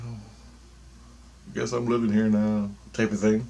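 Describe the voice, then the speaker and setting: Man with a lowish voice, casual vlog monologue, profane and meandering. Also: flat delivery, measured pace, dark tone, muffled recording, a little hiss or hum. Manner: loose, profane, meandering storytelling. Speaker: vlogger.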